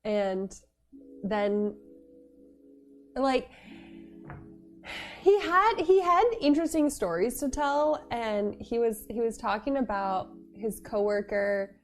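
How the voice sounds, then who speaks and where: A woman's voice: a little high, expressive, takes it slowly, long pauses, soft background music. A young woman telling a story in a casual vlog, giggling often and rambling with lots of fillers. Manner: rambling, many fillers and restarts. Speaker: vlogger.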